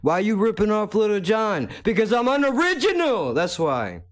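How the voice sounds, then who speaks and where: A yelling brash rapper. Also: male voice, high-pitched, sing-song, normal speed, pitched above the performer's own voice. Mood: boastful. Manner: yelling, boastful, swaggering. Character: loud brash male mumble rapper, unoriginal and cocky.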